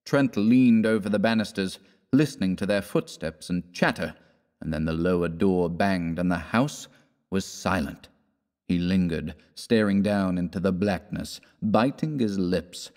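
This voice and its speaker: A man narrating a classic story in a measured, theatrical reading, giving the characters their own voices. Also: sits low, a little mellow. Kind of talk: scripted audiobook narration.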